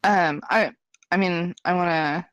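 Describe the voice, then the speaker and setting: A woman's voice: fairly low pitch, unhurried, highs cut off, slight background noise. A woman playing in a tabletop role-playing game, giggly and laughing often. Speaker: player.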